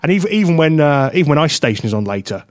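A man co-hosting a casual radio talk show, animated and jokey, laughing often. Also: a little high, very fast, no echo, studio quality. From England.

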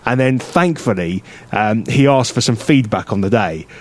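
A man's voice: mid-range voice, animated, moderate pace. A man co-hosting a radio show, telling a rambling anecdote in casual chat, full of fillers and restarts. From England. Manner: rambling anecdotal storytelling with frequent fillers and laughs.

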